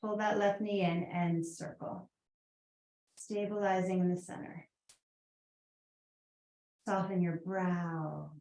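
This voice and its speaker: A woman's voice: on the low side, fairly even intonation, takes it slowly, pauses often, a little mellow, reverberant, poor audio. A woman with a Boston accent teaching a guided yoga class, chatty, with rambling asides and fillers.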